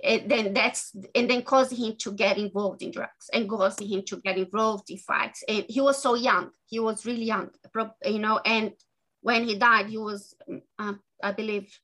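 A woman author being interviewed, talking in an earnest, halting way with many restarts. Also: mid-range voice, fairly even intonation, fairly bright tone, poor audio. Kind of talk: interview guest.

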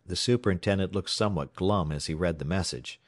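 A man from the United States narrating a story aloud in a dramatic, expressive way. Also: low voice, a little fast, no room sound, studio quality. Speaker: audiobook narrator. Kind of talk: scripted narration.

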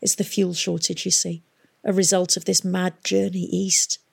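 A woman voicing a kindly elderly male historian in a storybook reading, gentle and soothing. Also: on the low side, level tone, moderate pace, vocal fry, slightly rough, heavily acted. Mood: hushed.

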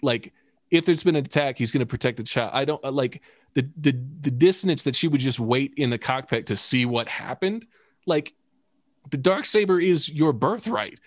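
Man, casual chat, animated, swears a lot, mid-pitched voice, dry close sound. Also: moderate pace, no room sound. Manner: animated, swears freely, laughs often. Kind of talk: casual chat about a TV episode.

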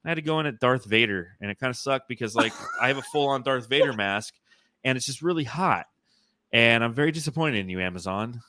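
A man's voice: medium pitch, animated, a little fast, pushed and bright, dry recording, clean studio sound. A man hosting a casual sports podcast, telling rambling, profane stories and reading fan comments aloud. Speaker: podcast host.

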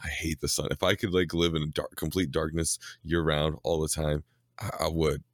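A man in casual chat, eager, quick to joke and laugh along. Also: extremely low pitch, level tone, no room sound, studio quality.

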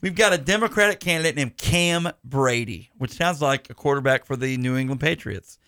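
A man's voice: mid-range voice, fairly quick, fairly bright tone, smooth, dry recording, studio quality. A man hosting a podcast in casual chat, rambling with restarts and side jokes. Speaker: podcast host.

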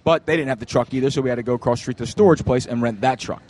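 An excitable man, telling a story in a live party podcast and acting out the quarrel in it. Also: medium pitch, very fast. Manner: excitable, acts out quarrels in his stories. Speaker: guest. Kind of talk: animated storytelling in party banter.

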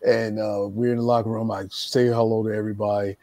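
A man's voice: on the low side, little pitch movement, fast, dark tone, dry recording. A middle-aged man telling a long casual story to friends, repeating words and stumbling through his sentences. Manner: rambling, repeats words, laughs while telling. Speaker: podcast host and storyteller.

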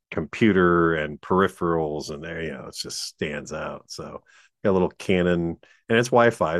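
A man's voice: deep voice, no echo. A man co-hosting a podcast, chatting casually, laughing often and making dry, wry remarks. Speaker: podcast co-host. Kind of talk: casual chat.

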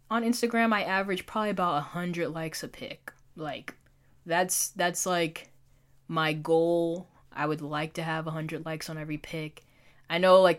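A young woman vlogging in a casual, confessional chat, talking loosely, filling with "like" and poking fun at herself. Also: on the low side. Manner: chatty, fills with "like", self-mocking.

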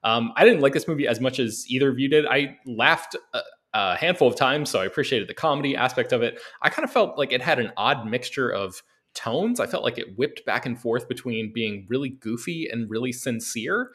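A man from the American South hosting a casual film podcast, talking with many pauses and restarts. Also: medium pitch, animated, fairly bright tone. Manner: hesitant, many ums and restarts. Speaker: podcast host.

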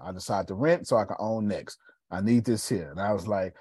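A man hosting a live video show, talking casually with animated, preachy energy. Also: lowish voice, brisk, breathy edge, no echo, clean studio sound. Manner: animated and preachy, with Southern Black American slang. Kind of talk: casual live-stream talk.

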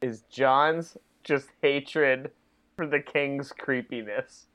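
A man's voice: mid-range voice, very slow, a bit bright, clean tone. A man co-hosting a podcast, trading jokes and laughing through casual chat about a wrestling rewatch. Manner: joking, laughing banter. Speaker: podcast co-host.

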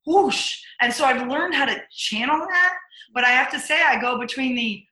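A woman's voice: sits high, moderate pace, bright, forceful tone. A middle-aged woman, a leadership coach, telling stories from her career in a casual interview and acting out her own inner voice. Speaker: guest, leadership coach and speaker. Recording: echoey room.

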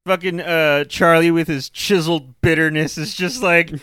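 A man's voice: fairly high pitch, fairly even intonation, moderate pace, pushed and bright, clear, resonant tone, dry recording, studio quality. A man co-hosting a casual movie podcast, joking wryly and swearing casually. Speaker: podcast co-host.

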